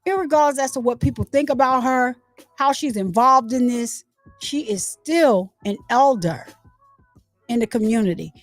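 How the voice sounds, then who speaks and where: A woman with a high voice hosts a casual commentary, retelling events with plenty of animation. She acts out what the crowds shouted and speaks with open indignation. Faint music plays behind her. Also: normal speed, no echo. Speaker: commentary channel host.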